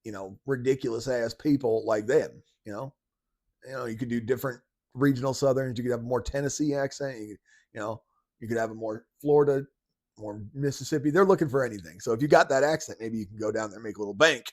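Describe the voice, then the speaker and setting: A man's voice: mid-range voice, fast, no room sound, clean studio sound. Slangy man hosting a podcast. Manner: casual, slangy, laughing often. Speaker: podcast host. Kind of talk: casual commentary.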